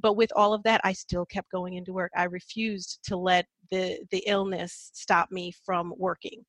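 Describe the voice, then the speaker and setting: A woman's voice: fairly low pitch, flat delivery, moderate pace, fairly bright tone, dry recording. A woman in her thirties, a podcast guest, telling her personal story reflectively with frequent fillers and small laughs.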